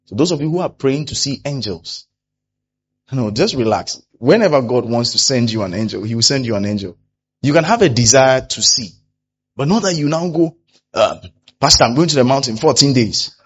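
A pastor preaching a sermon, animated, who often acts out the people he quotes. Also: mid-range voice, moderate pace, breathy edge, dull audio.

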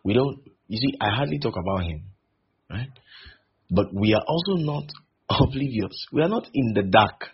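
A male preacher, repeating phrases for emphasis and slowing on key lines. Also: medium pitch, animated. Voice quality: gravelly and very husky. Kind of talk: sermon. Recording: dull lo-fi recording.

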